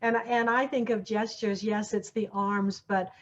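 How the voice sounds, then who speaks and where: A woman guest on an art podcast, speaking casually and agreeably and often repeating her words. Her pitch is mid-range. The audio is dull and lo-fi, like a remote call. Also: fairly even intonation, measured pace. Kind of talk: casual chat.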